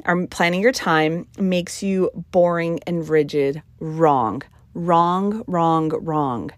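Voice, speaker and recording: A woman's voice: on the low side, dry recording. A middle-aged woman hosting a podcast in a casual, emphatic, chatty way, with frequent ums. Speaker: podcast host. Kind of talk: casual solo podcast talk.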